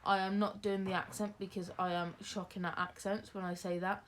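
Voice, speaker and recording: A woman's voice: mid-range voice, little pitch movement, a little fast, fairly bright tone, slight background noise. A young woman, chatting casually through a Q&A, rambling with lots of fillers and restarts. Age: young adult. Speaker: vlogger. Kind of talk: casual Q&A chat.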